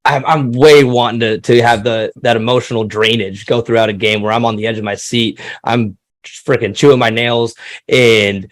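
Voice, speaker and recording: A man chatting casually about sports as a passionate, excitable fan who swears freely. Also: mid-range voice, moderate pace, no room sound.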